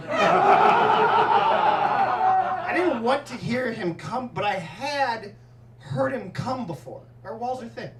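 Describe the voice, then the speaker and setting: A man doing a stand-up set, telling stories in an animated way and laughing at his own jokes in a comedy club. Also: extremely high pitch, slow, pauses often, heavy background noise. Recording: roomy club sound, mic at a distance, audience laughter.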